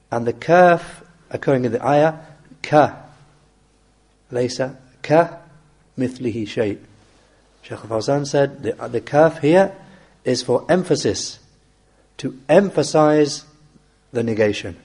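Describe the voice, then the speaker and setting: A man teaching an Islamic text in a measured, deliberate way, reciting verses quickly in Arabic and then explaining them slowly. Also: medium pitch, darkish tone, slightly rough. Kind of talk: explaining a classical text in a lesson.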